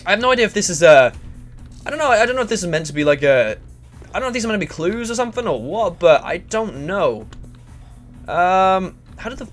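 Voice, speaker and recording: A man commentating a game, fairly high in pitch and swinging widely as he reacts. His talk is excitable and crude, and he keeps addressing the characters on screen. Faint music plays behind him. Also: fairly quick. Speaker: gaming channel host. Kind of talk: let's play commentary.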